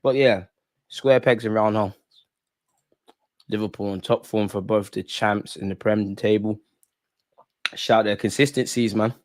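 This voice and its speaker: A man's voice: on the low side, steady tone, unhurried, long pauses, no echo, clean studio sound. A man hosting a live football watch-along, talking in a casual, opinionated, rambling way full of slang. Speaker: football fan channel host.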